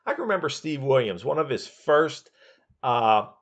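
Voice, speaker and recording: A man's voice: medium pitch, animated, normal speed, lo-fi sound. A man hosting a podcast, rambling through his memories in a casual monologue with many fillers. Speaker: podcast host.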